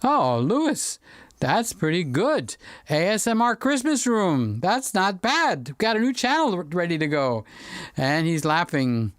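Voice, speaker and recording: Slow, chatty man hosting a livestream. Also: sits high, very animated, no echo, clean studio sound. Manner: chatty and joking, drifts off topic. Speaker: livestream host. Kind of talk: casual livestream chat reading viewer comments. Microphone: studio microphone.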